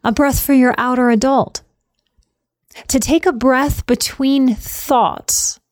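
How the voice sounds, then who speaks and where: A woman's voice: fairly high pitch, darkish tone, no echo. Soothing woman with a dry close sound. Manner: slow, soothing, emphatic repetition. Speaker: self-help speaker on anxiety. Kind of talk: self-help talk.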